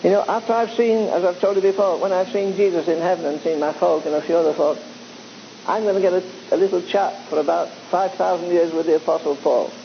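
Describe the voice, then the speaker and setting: A man's voice: high voice, fairly even intonation, fast, gravelly. A man preaching to a live congregation in a church, conversational and exhorting, teasing his listeners. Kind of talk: sermon. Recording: dull lo-fi recording with faint hiss.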